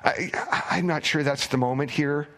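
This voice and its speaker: Conversational preacher man dropping to hushed tones. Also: a little high, moderate pace. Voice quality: drops to a hushed near-whisper for emphasis. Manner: conversational, with frequent stammered restarts. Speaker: pastor. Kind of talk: sermon.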